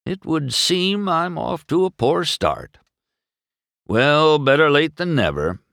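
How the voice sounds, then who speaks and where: A man's voice: on the high side, slow pace, creaky, no echo, studio quality, pitched above the performer's own voice, heavily acted. Fields: Doc, a man playing a wry old car. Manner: flat, wry remarks. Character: dry, wise old male doctor car.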